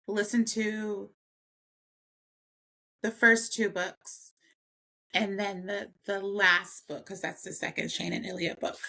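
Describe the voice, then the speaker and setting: A woman's voice: mid-range voice, little pitch movement, slow, vocal fry, long pauses, pushed and bright. A woman guest on a podcast, explaining things eagerly in casual chat and laughing often. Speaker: podcast guest, consent educator.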